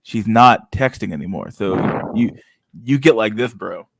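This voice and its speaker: A man hosting a casual chat show, telling stories in an animated, profane way and acting out everyone's reactions. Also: on the low side, measured pace, vocal fry, no room sound. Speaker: podcast host.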